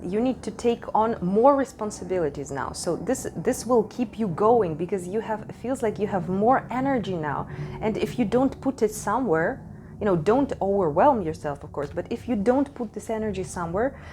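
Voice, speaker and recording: A woman's voice: mid-range voice, animated, normal speed, noisy background. A woman who is not a native English speaker gives a casual tarot reading at home into a desk microphone, talking frankly, swearing freely and laughing often. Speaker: tarot reader. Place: home in Switzerland.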